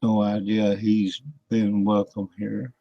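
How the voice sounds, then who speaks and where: A man's voice: on the low side, monotone, slow, vocal fry, no room sound, muffled recording. Folksy older man with a drawl, dry sound. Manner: folksy, rambling, laughs often, many fillers. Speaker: radio show host. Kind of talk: casual talk-radio interview.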